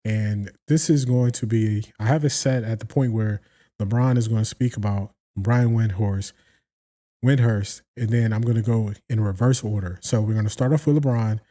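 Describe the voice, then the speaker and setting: A man's voice: lowish voice, normal speed. An American man hosting a casual sports commentary show, talking straight to his viewers and acting out the quotes he breaks down. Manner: animated, acts out quotes, addresses viewers directly.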